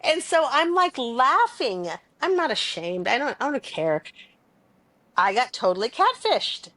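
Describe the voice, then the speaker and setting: A woman co-hosting a podcast, telling a story in an animated, chatty way and laughing often. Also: sits high, measured pace, dry recording. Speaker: podcast co-host. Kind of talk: casual storytelling chat.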